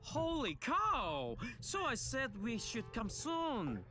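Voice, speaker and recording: An actor voicing a game character who speaks stilted, halting English lines in an anime game. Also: male voice, very high-pitched, very animated, gravelly, pushed and bright, soft background music, full character voice.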